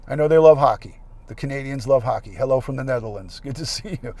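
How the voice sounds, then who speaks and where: Gravelly-voiced man hosting a chatty livestream. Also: mid-range voice, fast talker, hardly any pauses, a little mellow, dry recording. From United States. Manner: chatty, thanks viewers by name. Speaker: livestream host. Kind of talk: casual livestream chat. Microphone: plug-in mic.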